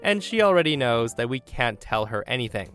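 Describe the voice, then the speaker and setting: A man hosting a story channel, narrating online posts in an expressive, animated way. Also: mid-range voice, fairly quick, soft background music.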